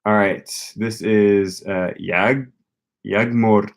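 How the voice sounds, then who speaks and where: A young adult language learning vlogger gives casual commentary while using a language app, thinking aloud and repeating foreign phrases slowly. He talks slowly in a low, steady voice.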